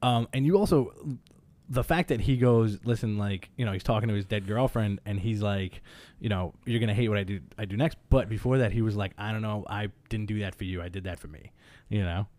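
A man with a lowish voice co-hosting a comic book chat. He talks with eager enthusiasm, rambling and filling gaps with "like" and "um", over a dry, close sound. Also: brisk, a little mellow, no room sound. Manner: enthusiastic, rambling, filler-heavy. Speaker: podcast co-host.

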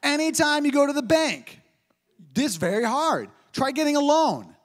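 A man's voice: extremely high pitch, normal speed. A man in his thirties preaching a sermon, joking and telling stories as he teaches. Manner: animated, joking storyteller. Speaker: pastor. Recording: preached in a hall with long reverb.

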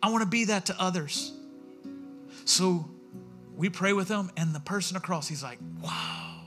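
A man preaching a sermon as pastor in a church, telling stories in a lively way and acting out what people said. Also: high voice, moderate pace, soft background music. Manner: animated storytelling, acting out quotes.

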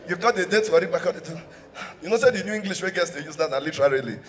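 A man's voice: high-pitched, expressive, fast talker. A man with a Nigerian accent performing live stand-up comedy, switching between English and Pidgin and laughing at his own jokes. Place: live show venue in a hall. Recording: hall reverb from a live stage mic.

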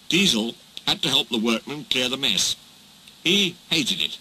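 A man narrating a children's storybook in a slow, expressive storytelling manner. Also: mid-range voice, slight background noise, low-quality recording.

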